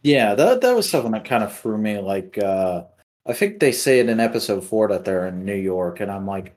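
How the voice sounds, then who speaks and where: A man co-hosting a casual chat from home, reacting excitably and swearing a lot. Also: on the low side, brisk. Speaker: podcast co-host. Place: home late at night.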